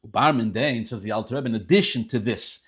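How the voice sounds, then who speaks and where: A man with an Ashkenazi yeshiva-style accent teaching a Tanya class, telling stories and swinging between soft asides and loud, emphatic stretches. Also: mid-range voice, fast, slightly rough. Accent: Orthodox Jewish English with Ashkenazi Hebrew and Yiddish terms. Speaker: Torah teacher.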